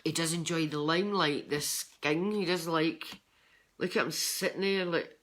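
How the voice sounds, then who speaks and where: A woman's voice: low-pitched, steady tone, moderate pace, fairly bright tone. An older woman with a Scottish accent, giving a rambling, chatty tarot card reading with lots of ums and restarts. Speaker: psychic tarot reader.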